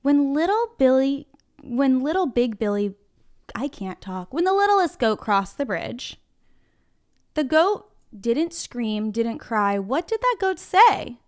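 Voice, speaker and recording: A woman's voice: sits high, big pitch swings, slow pace. A woman teaching a reading lesson to young children from her classroom, speaking encouragingly and directly to them. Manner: encouraging, talks straight to the children. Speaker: kindergarten teacher.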